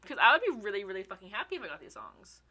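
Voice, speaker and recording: A young woman in casual vlog commentary, excitable and gushing, swearing casually and a little out of breath. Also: mid-range voice, very fast, highs cut off. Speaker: fan ranking songs.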